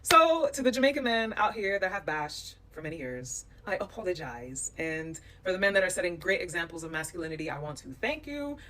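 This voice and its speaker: A woman from the United States telling stories to camera, animated and emphatic. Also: lowish voice, recorded from a distance. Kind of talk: storytelling vlog.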